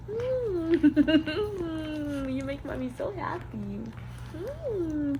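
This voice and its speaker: Slow, doting mom cooing to dogs. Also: female voice, high voice, very animated, noisy background. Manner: doting baby talk to her dogs. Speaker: stay-at-home mom vlogger. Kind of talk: casual vlog narration. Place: home indoors.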